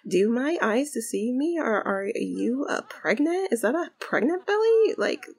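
Bride character, excitable and blunt, high squealy delivery, put on by a woman narrator. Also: a little slow, vocal fry, husky, heavily acted. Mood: gushing.

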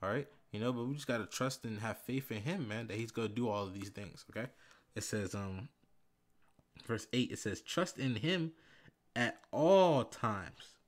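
A man giving a casual bible lesson, reading verses slowly and with emphasis, tagging phrases with "man" and "all right". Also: on the low side, fairly even intonation. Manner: reads scripture slowly and loudly, fillers like "man" and "all right". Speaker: bible teacher.

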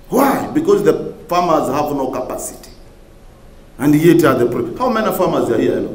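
Animated man speaking in an echoey hall. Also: sits high, a little slow, slight background noise. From Uganda. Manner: oratorical, repeats key phrases for emphasis, rising to emphatic peaks. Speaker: government minister giving a conference speech. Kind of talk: public speech to a conference audience. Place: large conference hall.

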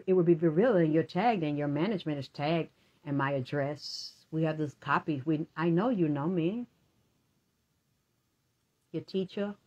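Profane ranting woman with a low voice. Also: a little mellow, lo-fi sound. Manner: profane, accusatory, talks in run-on streams; addresses absent people directly. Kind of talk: rambling personal rant.

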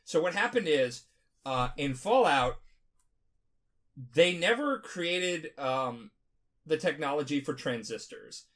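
A tipsy man talking casually on a podcast, rambling, profane and animated. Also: on the high side, takes it slowly, pauses often. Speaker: podcast host.

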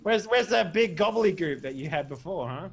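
A man's voice: high voice, expressive, brisk, vocal fry. A man streaming online poker, chatting with friends in a crude, boisterous way over voice chat. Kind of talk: casual gaming chat with friends.

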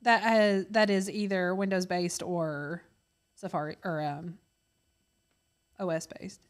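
Co-hosting a relaxed conversation, a woman in her thirties tells stories and performs the voices of the people she quotes. She speaks slowly, with a fairly low pitch and fairly even intonation.

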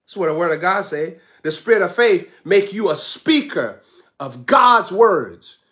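A man's voice: sits high, expressive, unhurried, pushed and bright. A man preaching a fervent sermon with repeated declarations, breaking into tongues.

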